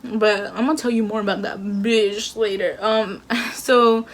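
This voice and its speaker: A woman's voice: mid-range voice, fairly even intonation, unhurried. A young woman telling a storytime with lots of slang and fillers, acting out the dialogue. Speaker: vlogger. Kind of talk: casual storytime.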